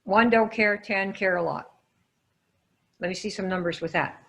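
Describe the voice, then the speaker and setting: A woman teaching sales in a live online coaching session, quizzing her audience and calling on listeners by name with lively energy. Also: mid-range voice, normal speed, vocal fry. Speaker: sales trainer.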